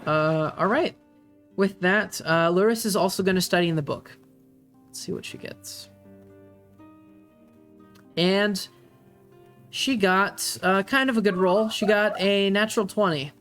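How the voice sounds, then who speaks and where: Laid-back game master, middle pitch. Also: measured pace, pauses often, faint music behind. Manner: relaxed, full of fillers. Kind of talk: running a tabletop game.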